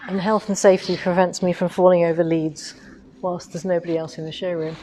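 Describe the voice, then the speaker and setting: A woman's voice: lowish voice, little pitch movement, brisk, dark tone, a little hiss or hum. A middle-aged woman chatting casually on a livestream from a quilting showroom, rambling with asides as she moves the camera on its tripod. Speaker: host of a quilting shop livestream. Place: quilting machine showroom, indoors.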